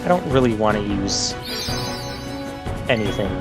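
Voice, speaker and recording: Over game music, a man with a lowish, animated voice offers casual gameplay commentary at a moderate pace. Hosting a let's play, he talks about the game in a relaxed, wry way, lightly sarcastic.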